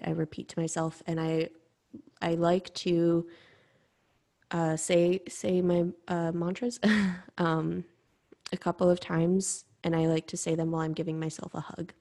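A young woman hosting a podcast, talking candidly and reflectively in a halting personal monologue. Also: fairly low pitch, gravelly, mellow. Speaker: podcast host.

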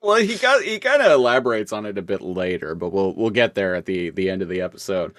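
Man, lowish voice, casual podcast chat, heavy filler words, dry close sound. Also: very animated, fast, a bit bright, no room sound. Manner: loose, profane, many "like" fillers. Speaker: podcast co-host.

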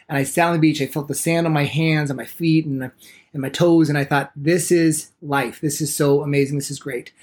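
A man teaching a podcast lesson on meditation, enthusiastic and quick to speed up, acting out the excuses people give. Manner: enthusiastic, speeds up when excited; lively pitch, acts out people's excuses.

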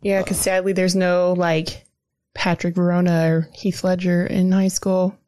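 A woman's voice: lowish voice, level tone, a little slow, dark tone, dry recording. A woman co-hosting a podcast, teasing in casual chat.

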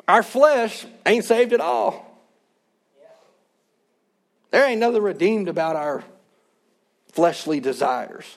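High-voiced male pastor preaching. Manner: earnest, conversational preaching with congregation responses. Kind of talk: sermon.

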